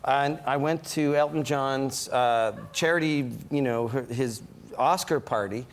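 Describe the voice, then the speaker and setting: A man from Canada, a comedian guest telling animated anecdotes on a talk show and acting out voices. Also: mid-range voice, a little slow. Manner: animated storyteller, acts out voices. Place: talk show studio with audience. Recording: studio audience and room noise.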